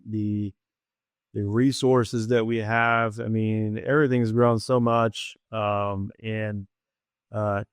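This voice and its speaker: A man's voice: lowish voice, clear, resonant tone, dry recording, clean studio sound. A man from Central California in casual chat, hesitant with many fillers, reading questions formally. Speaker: coaching community member.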